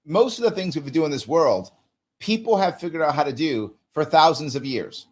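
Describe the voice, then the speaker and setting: A man's voice: expressive, normal speed. A man in his forties from the United States, a management consultant talking as a podcast guest, emphatic and fond of acting out little exchanges. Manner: emphatic, acts out little dialogues with rising pitch. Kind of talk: casual conversation.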